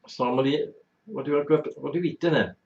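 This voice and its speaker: A man's voice: medium pitch, fast, vocal fry. A man hosting a talk show, telling a blunt, exaggerated, bawdy comic anecdote. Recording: roomy, dull lo-fi sound.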